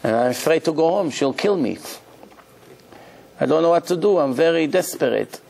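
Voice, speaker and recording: A man's voice: a little high, lively intonation, normal speed, vocal fry, darkish tone. A man voicing a desperate, frightened young boy who pleads and repeats himself in a rush while telling a story.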